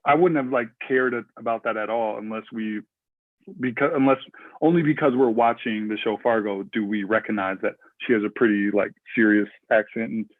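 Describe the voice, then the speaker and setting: A man's voice: on the low side, fairly even intonation, fairly quick, no echo. A man from Minnesota, a podcast guest, chatting casually and rambling with lots of fillers and restarts. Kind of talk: casual interview chat. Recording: tinny phone-like remote line.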